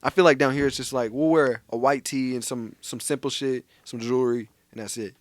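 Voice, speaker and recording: A man's voice: medium pitch, fairly even intonation, fairly quick, no room sound. A young man from Texas, co-hosting a podcast, telling loose, profane stories in casual chat. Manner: loose, profane storytelling with put-on voices. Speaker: podcast co-host.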